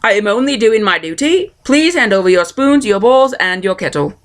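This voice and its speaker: Lady reading as a calm polite soldier, formal and steady, storybook voice. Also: mid-range voice, lightly acted. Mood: patient. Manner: measured, formal, patient. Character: calm dutiful king's soldier, patient.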